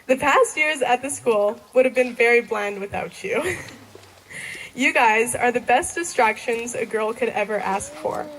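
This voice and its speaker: A woman's voice: fairly high pitch, unhurried, fairly bright tone, a little hiss or hum, rough recording. Giggly teen girl giving a graduation speech. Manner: giggly, laughing often between sentences. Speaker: graduating student. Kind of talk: graduation thank-you speech.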